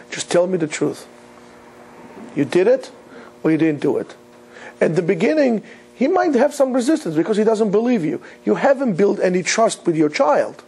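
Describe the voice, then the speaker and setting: A man's voice: high voice, very animated, normal speed, gravelly, warm tone, husky. A man, a rabbi, teaching an earnest, emphatic Torah lecture, weaving Hebrew terms into his English.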